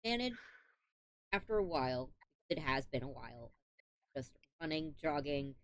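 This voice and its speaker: A woman's voice: deep voice, animated, moderate pace, dry recording. A woman narrating a tabletop game as game master, urgent and vivid.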